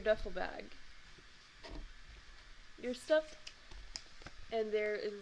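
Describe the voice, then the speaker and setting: A woman's voice: on the high side, unhurried, a little hiss or hum, low-quality recording. A young woman hosting a read-aloud of a children's book, adding chatty asides. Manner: chatty asides between reading.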